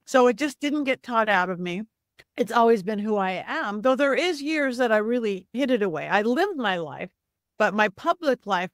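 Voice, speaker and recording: Animated woman telling stories, dry sound. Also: mid-range voice, no echo. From Southern California. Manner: animated, acts out quoted voices, quick asides. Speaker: psychic medium guest. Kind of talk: casual storytelling interview.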